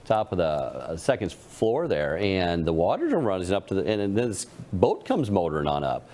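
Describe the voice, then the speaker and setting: A man's voice: sits low, wildly swooping pitch, moderate pace, a little mellow. A man co-hosting a panel talk, telling a folksy joke and acting out its characters. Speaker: co-host. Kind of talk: casual panel talk with storytelling.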